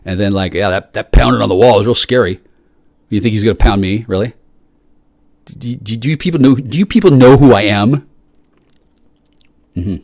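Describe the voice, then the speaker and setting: A man in a rambling, profane monologue that swings from shouting to low muttering, often repeating and restarting his words. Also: moderate pace, pauses often, no room sound, studio quality. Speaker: solo speaker.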